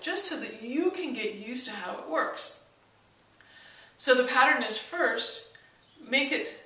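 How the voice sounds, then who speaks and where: Bright-voiced woman teaching from a distance. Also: on the high side, reverberant. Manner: demonstrates tone shifts in example sentences. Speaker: persuasion teacher. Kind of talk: instructional video talk.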